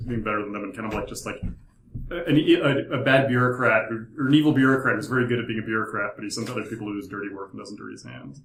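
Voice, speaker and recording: A man's voice: lowish voice, racing, gravelly, fairly bright tone, slight background noise. A man hosting a casual podcast chat as game master, rambling with lots of "like". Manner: rambling, heavy use of "like". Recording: echoey room.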